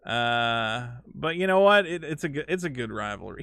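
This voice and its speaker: A man chatting casually with his viewers while playing a game on a live stream. He is excitable, stammers through restarts and swears a lot. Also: medium pitch, a little fast, vocal fry, hardly any pauses, no echo, clean studio sound.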